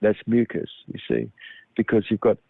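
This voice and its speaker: This man's fairly low, gravelly voice swings widely in pitch, has a breathy edge, and moves at normal speed. His health talk rambles along with lots of ums and restarts, heard over a dry, tinny line like a phone.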